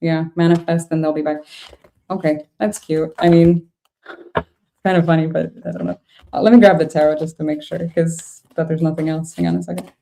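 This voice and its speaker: Mellow-voiced woman reading tarot. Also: low-pitched, flat delivery, a little fast, gravelly, slight background noise. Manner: thinks aloud, laughs often, frank reactions. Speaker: tarot reader.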